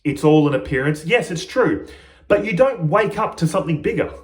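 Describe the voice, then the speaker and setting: A man's fairly high, bouncing voice carries a spiritual teacher's reflective monologue. He stays playful and keeps laughing at himself. The room adds a clear echo behind him. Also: lively intonation, fairly quick.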